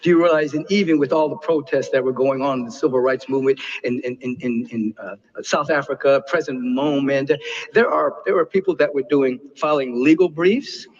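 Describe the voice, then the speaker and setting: A man giving an impassioned inspirational sermon as a spiritual teacher, dropping to a hush and then soaring. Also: mid-range voice, fairly quick, in a large hall. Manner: impassioned, swinging between hushed and soaring. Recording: dull lo-fi recording.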